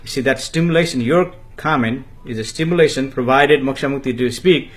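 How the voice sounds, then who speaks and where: Brief: man, spiritual teacher answering viewer comments on a live stream, halting delivery full of fillers. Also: mid-range voice, fairly bright tone. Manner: refers to himself in the third person, slow and halting with many fillers.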